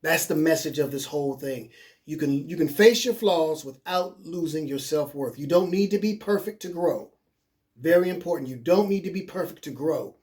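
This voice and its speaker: Casual, repetitive male coach, fairly high voice. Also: expressive, normal speed, a little mellow. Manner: repetitive, keeps checking in with "okay?"; casual, encouraging, plain-spoken. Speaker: life coach. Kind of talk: coaching webinar.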